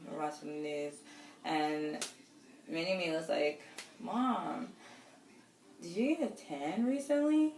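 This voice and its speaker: Chatty woman in an echoey room. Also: deep voice. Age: 30s. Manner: chatty, rambling, many fillers and laughs. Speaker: vlogger telling a personal story. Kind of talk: casual storytime. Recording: roomy echo, distant from the mic, faint noise.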